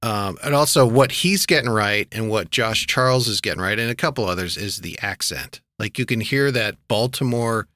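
A man's voice: on the low side, normal speed, hardly any pauses, pushed and bright, dry recording. A man hosting a casual talk show about TV, rambling with lots of fillers and wry asides. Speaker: podcast host reviewing TV shows. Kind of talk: casual chat.

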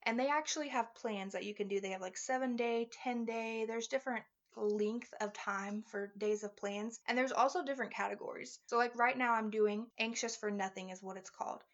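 A woman with a slightly high voice hosts a faith podcast, speaking earnestly and warmly encouraging the listener. She moves from casual tips into a heartfelt spoken prayer. The recording sounds a little dull and lo-fi. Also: brisk, hardly any pauses. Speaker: podcast host.

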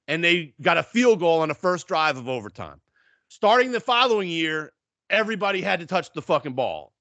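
A man co-hosting a podcast, chatting casually and profanely about football with animated storytelling. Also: a little high, dry recording. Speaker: podcast co-host. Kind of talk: casual sports chat.

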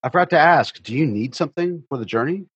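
A man chats and jokes casually as a player at a tabletop game. His voice is husky, and the recording sounds dull and dead dry. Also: fairly high pitch, animated, fast talker, no echo.

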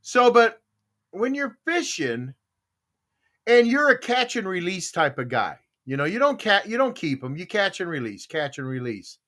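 A man's voice: sits high, moderate pace. A man hosting a podcast, joking, laughing and reading out the live chat. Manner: lively, jokey, laughs easily. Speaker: podcast host.

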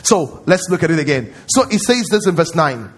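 A man's voice: fairly high pitch, big pitch swings, a little fast. A man preaching a sermon as pastor at a church service, emphatic and repetitive, often quizzing his congregation.

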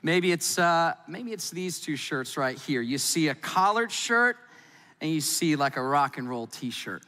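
A man preaching a sermon in a lively, playful, conversational way. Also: a little high, a little slow, big-room sound. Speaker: pastor.

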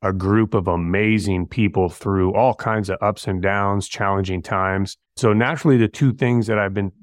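A middle-aged man, a firefighter guest, telling stories in a relaxed, slangy way and acting out bits of dialogue. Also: fairly low pitch, normal speed, no echo, clean studio sound. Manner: laid-back, slangy, acts out dialogue. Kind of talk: casual storytelling interview.

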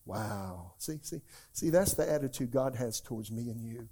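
A male pastor preaching a sermon in church to a live congregation, swinging between loud, emphatic exclamations and hushed, near-whispered asides. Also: medium pitch, expressive, normal speed, slightly rough.

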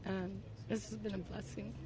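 A woman guest telling a personal story in casual conversation, full of "like" and restarts, getting louder and quicker as she gets excited. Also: medium pitch, background noise. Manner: filler-heavy, talks with 'like', gets louder and faster when excited. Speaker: podcast guest.

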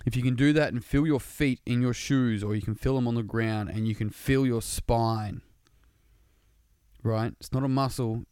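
Man with a smooth, resonant voice; earnest, laid-back talk with some swearing, recorded dry. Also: mid-range voice, normal speed, darkish tone, dry recording. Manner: earnest, casual, swears freely. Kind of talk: casual motivational monologue.

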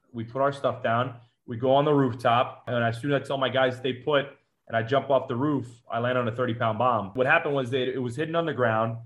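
During an interview, a man shares personal stories about his time as a former Marine, speaking quickly in a mid-range voice. His manner is conversational and matter-of-fact, with fillers and small restarts along the way. The audio has its highs cut off.

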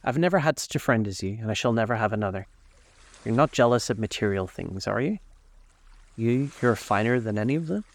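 A man's voice: fairly low pitch, lively intonation, a little fast. Basil: a man voicing an earnest wounded painter. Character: devoted, wounded male painter. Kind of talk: audiobook character voice.

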